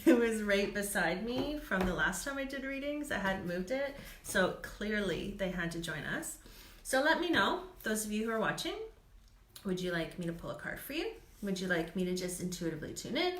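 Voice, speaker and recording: A woman's voice: medium pitch, sharp tone. A woman reads cards live for her viewers, chatty and reassuring, with frequent little laughs and "um"s. Her voice sits mid-range and rings in an echoey room, picked up by a webcam mic. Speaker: psychic reader. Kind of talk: live-streamed card readings.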